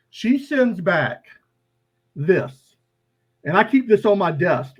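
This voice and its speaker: A male podcast host with a somewhat raised pitch tells a personal anecdote. He talks casually and with animation, leaning on fillers and restarts as he goes. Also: dull audio. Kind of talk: casual storytelling.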